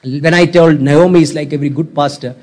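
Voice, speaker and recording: A man's voice: a little high, steady tone, brisk, a little mellow. A man preaching a sermon as a pastor, exhorting and repeating his points and calling on the congregation to respond. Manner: exhorting, repetitive, calls for audience response.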